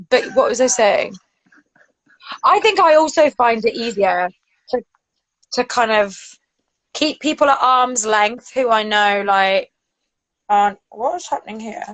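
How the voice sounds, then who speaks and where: High-voiced chatty woman in her thirties. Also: animated, unhurried, long pauses, a bit bright, no echo, low-quality recording. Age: 30s. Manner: chatty, swearing, laughing. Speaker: podcast co-host. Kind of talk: casual chat.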